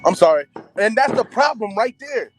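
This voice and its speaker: A man's voice: high voice, expressive, normal speed, poor audio. A man giving an impassioned, preachy talk full of repeated rhetorical build-ups on a live audio chat.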